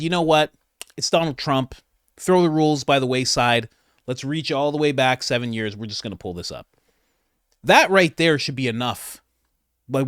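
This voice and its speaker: Sarcastic man with lively pitch swings. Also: no room sound, studio quality. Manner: sarcastic and mocking, mimics others in exaggerated voices, laughs often; drops to a low, quiet mutter for asides. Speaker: commentary channel host. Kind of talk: casual political commentary reacting to a clip.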